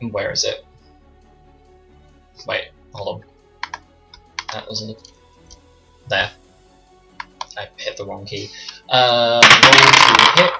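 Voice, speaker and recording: Swearing, bright-voiced male game master. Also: medium pitch. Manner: casual, swearing, muttering to himself while managing the map. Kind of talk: narrating a tabletop game on stream. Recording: slightly dull streamed audio with faint music.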